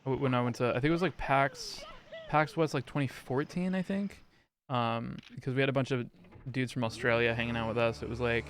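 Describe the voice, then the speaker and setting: A man's voice: mid-range voice, fairly bright tone. Rambling, crude man streaming games. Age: 30s. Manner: rambling, crude, full of fillers. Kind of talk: casual gaming stream chat.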